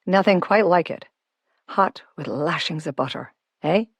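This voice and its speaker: A woman's voice: lowish voice, animated, a little slow, breathy edge, dry recording, dull audio, exaggerated voice. Woman doing a genial self-made Irish man. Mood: coaxing. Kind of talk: audiobook character voice.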